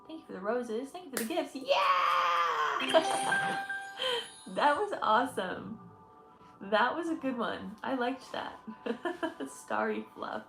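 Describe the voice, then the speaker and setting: A woman's voice: medium pitch, creaky. Bubbly young woman in an echoey room. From Michigan, US. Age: 20s. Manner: chatty, effusive, laughs often, thanks viewers. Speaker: energy healer livestream host. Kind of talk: casual livestream chat.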